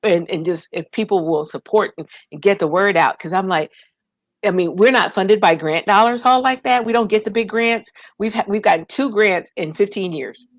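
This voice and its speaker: Fields: Sex: woman. Role: interview guest. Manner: animated storyteller. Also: mid-range voice, moderate pace, dry recording. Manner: animated storyteller, acts out quoted voices, fights back tears. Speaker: guest, nonprofit founder.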